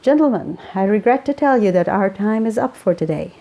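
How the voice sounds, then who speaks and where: A woman's voice: mid-range voice, lively intonation, fairly quick, warm tone. A woman voicing a cheerful male radio show host with a Welsh accent, signing off with a pun. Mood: jovial. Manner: punning, upbeat sign-off.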